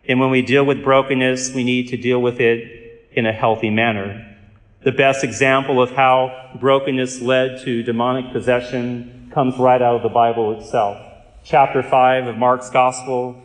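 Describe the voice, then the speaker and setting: Earnest priest telling stories in an echoey hall. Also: male voice, mid-range voice, a bit bright. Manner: earnest, measured storyteller with dry humor. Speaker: Catholic priest and exorcist. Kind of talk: storytelling talk.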